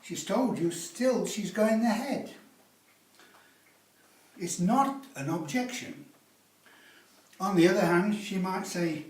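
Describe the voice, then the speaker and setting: Slow-talking male sales instructor, roomy sound. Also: high-pitched, big pitch swings. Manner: teasing, uses rhetorical tag questions. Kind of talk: classroom lecture. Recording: roomy, from a distance.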